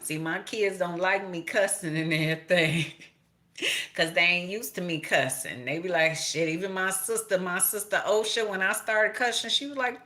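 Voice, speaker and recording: A woman's voice: fairly low pitch, moderate pace, bright, forceful tone. A middle-aged woman from Chicago doing a casual tarot reading, talking straight to viewers, swearing freely and laughing. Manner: profane, laughing, talks to viewers directly. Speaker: tarot reader.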